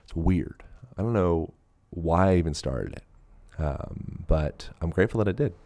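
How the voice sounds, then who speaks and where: A man's voice: sits low, expressive, moderate pace, mellow, no room sound. A man hosting his podcast, giving a casual, rambling introduction with fillers and self-mocking asides. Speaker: podcast host.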